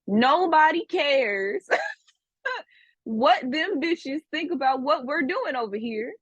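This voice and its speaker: A woman's voice: high-pitched, sing-song, slow pace, fairly bright tone, no echo, muffled recording. A woman teaching a class, scolding her students with profanity and repeating herself for emphasis. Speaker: spiritual teacher. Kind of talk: livestream class lecture.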